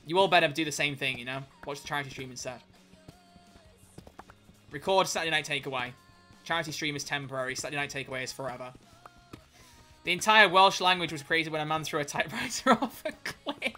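Bright-voiced streamer. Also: male voice, a little high, soft background music. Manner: joking, swearing, quick self-corrections. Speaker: livestreamer. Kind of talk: casual stream chat, reading chat aloud.

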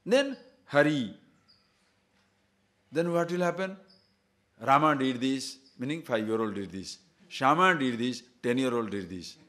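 A man giving a spiritual discourse, telling a fable in an animated way and checking in with his listeners as he goes. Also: medium pitch, a little slow, pauses often. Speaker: spiritual teacher.

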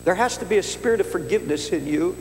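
A pastor in his seventies preaches at a conference in a large hall, earnestly telling a personal story and sometimes stammering and restarting. His high voice is expressive and quick. The recording is echoey with a faint hum.

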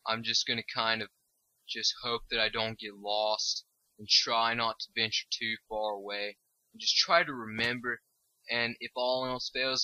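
A young man giving rambling, crude, joking commentary over gameplay, now and then jumping to high excited squeals. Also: low-quality recording. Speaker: gaming video host.

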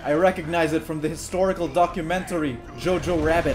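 A young man with a high, light voice talks over his own gameplay with a joking, sarcastic running commentary. He breaks into sudden yells now and then. Clear background music plays behind him the whole time. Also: fairly even intonation, fast talker, hardly any pauses. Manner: jokey, sarcastic, bursts into shouts. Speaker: gaming YouTuber.

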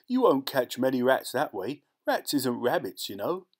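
A man voicing a sly, scornful ratcatcher who talks with rough grammar, boastful and secretive, in a storybook reading. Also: medium pitch, moderate pace, close to an everyday voice. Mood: disgusted.

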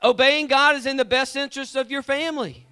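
A man's voice: extremely high pitch, steady tone, brisk, sharp tone. A man preaching a sermon in a church, fervent and repetitive, calling out to members of the congregation by name. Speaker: lay preacher and church guitar player. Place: church sanctuary.

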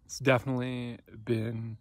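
Filming himself outdoors on a mountain pass, a bikepacking vlogger talks candidly but hesitantly, full of fillers and restarts. His mid-range voice is flat and at normal speed, in a dry recording.

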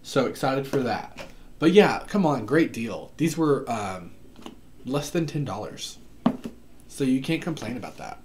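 A man chatting casually on camera about books he bought, excitable, with lots of fillers and asides, recorded at home. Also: medium pitch, a little slow, a little hiss or hum. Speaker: book vlogger. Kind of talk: casual book haul chat. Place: home room.

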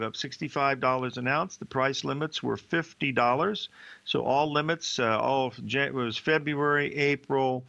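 Gravelly older man telling trading stories. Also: mid-range voice, sharp tone, lo-fi sound. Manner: rambling, folksy, with many fillers and restarts. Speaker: market show host. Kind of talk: casual market commentary and storytelling.

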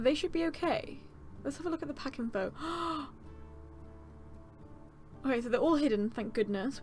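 Anxious, fretful woman narrating her gameplay. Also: a little high. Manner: anxious, fretful, talks to herself while playing. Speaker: gaming channel host. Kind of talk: let's-play commentary.

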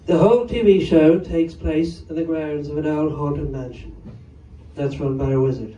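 A man's voice: on the high side, normal speed, mellow, a little hiss or hum. A man doing a stand-up set on a comedy club stage, chatting wryly with the crowd between jokes. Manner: rambling, wry, chatty with the audience. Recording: roomy live club sound from far off. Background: audience laughter.

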